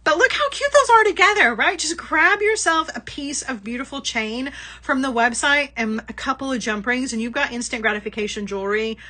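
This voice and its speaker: A woman's voice: high-pitched, a little fast, pushed and bright. A middle-aged woman hosting a live craft-shopping stream, chatting casually and laughing often. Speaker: livestream shopping host. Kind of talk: casual live product chat.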